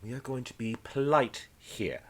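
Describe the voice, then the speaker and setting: A man voicing a polite but menacing male pirate officer who speaks softly, at times in a whisper. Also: mid-range voice, animated, moderate pace. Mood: coaxing. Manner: soft-spoken, partly whispered, courteous threats.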